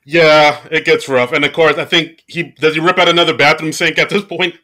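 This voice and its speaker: A man co-hosting a podcast, retelling a comedy film's scenes in a relaxed way, full of "like" and "you know". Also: on the high side, a little fast. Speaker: podcast co-host. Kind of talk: casual movie-recap chat.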